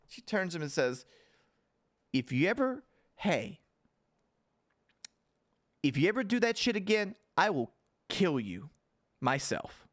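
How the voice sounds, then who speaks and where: A man's voice: medium pitch, smooth. A man recapping a TV episode in a rambling, casual livestream, with many fillers and restarts. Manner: laughs and swears casually. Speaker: TV show reviewer.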